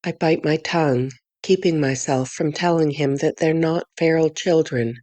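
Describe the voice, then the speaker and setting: A woman reads a first-person novel aloud in a measured, clear storytelling manner. Her voice sits on the low side, and the recording is dry and close with no room sound. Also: darkish tone, no echo. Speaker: audiobook narrator. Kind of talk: first-person audiobook narration.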